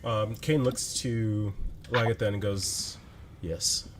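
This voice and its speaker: A man runs a tabletop game as game master, narrating in a relaxed, loose way with plenty of fillers. His voice sits low. A faint hiss runs under the recording. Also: a little slow.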